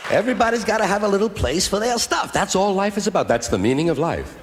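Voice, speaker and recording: Male stand-up, slightly high, repetitive riffing, echoey hall. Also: animated, fast, a faint crowd. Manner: repetitive, riffing observational delivery. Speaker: stand-up comedian. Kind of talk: observational stand-up comedy. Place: stage in a hall. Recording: echoey hall with clear ambient noise.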